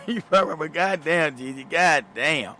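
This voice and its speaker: A man's voice: fairly high pitch, lively intonation, moderate pace, pushed and bright, slight background noise. A middle-aged man hosting a talk show, telling a story casually, often laughing, swearing and repeating words. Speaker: show host.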